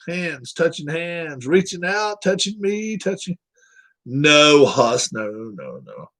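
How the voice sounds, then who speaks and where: A man with a slightly high voice talks casually on a live stream. He rambles and chats with his viewers at an unhurried pace, his pitch swinging up and down. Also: fairly bright tone, poor audio. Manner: rambling, chatting with viewers while setting up a game.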